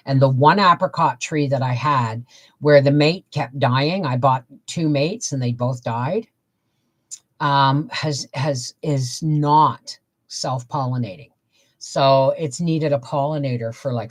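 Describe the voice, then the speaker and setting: Chatty older woman hosting a live stream. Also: very deep voice. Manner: chatty, reads out viewer comments and answers them. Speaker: homestead livestream host. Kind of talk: casual live-stream chat.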